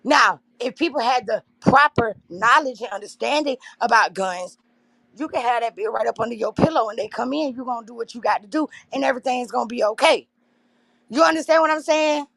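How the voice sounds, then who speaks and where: Impassioned gravelly-voiced woman livestreaming. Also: fairly high pitch, fairly quick, a bit bright, no room sound. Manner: impassioned, addresses viewers as y'all. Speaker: livestream host. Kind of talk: emotional livestream talk to viewers.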